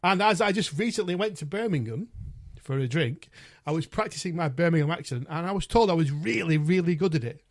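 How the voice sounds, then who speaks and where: Guy hosting a metal podcast, chatty, laughs at himself, swears a lot, fairly high voice. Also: animated, a little fast. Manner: chatty and self-mocking, swears freely. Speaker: podcast host. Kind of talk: casual chat, album review.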